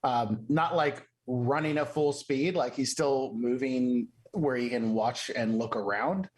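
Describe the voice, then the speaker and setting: A man playing a tabletop game, explaining his character's actions in quick bursts with fillers. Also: mid-range voice. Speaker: player.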